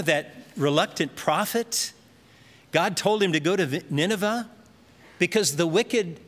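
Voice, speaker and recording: A man's voice: sits high, a bit bright. A man preaching a sermon, telling Bible stories and briefly acting out the voices in them. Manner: storytelling preacher, acts out voices in anecdotes. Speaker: pastor. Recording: long hall reverb.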